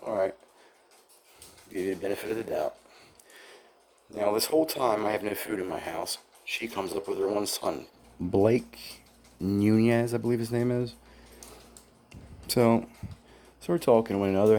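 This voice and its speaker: A man's voice: on the low side, moderate pace, long pauses, darkish tone, a little hiss or hum. A man telling his own story in a casual first-person account, aggrieved, blunt and profane, quoting what others said to him. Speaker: former employee telling his grievances.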